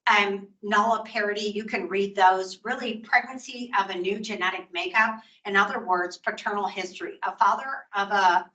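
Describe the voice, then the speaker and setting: Older woman nurse educator, bright voice, chatty lecture pace, set back from the mic. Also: medium pitch, distant mic, dull audio. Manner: conversational teaching, acts out patient quotes. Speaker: nursing educator. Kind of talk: recorded continuing-education lecture.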